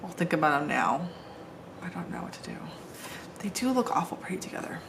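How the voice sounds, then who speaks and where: Her lowish voice is sing-song and creaky, moving at a brisk clip over background noise. The speaker, a middle-aged planner vlogger, sits on the home floor decorating a planner, chatting casually, rambling, and teasing herself.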